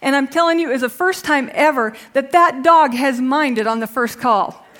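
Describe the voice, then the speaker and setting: Woman, middle-aged, high voice, preacher, sermon, hushed prayer, lively storytelling. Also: normal speed.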